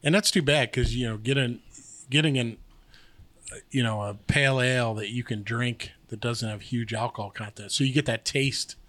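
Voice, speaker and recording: A man's voice: mid-range voice, moderate pace, fairly bright tone. Rambling, sarcastic man co-hosting a podcast. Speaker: podcast co-host. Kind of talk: casual chat.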